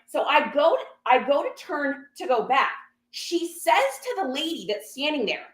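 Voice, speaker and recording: A woman's voice: high voice, moderate pace, roomy sound. A woman reseller chatting casually to her viewers, telling a story and acting out other people's lines. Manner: animated, acts out other people's lines in quotes. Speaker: reseller sharing a garage sale haul.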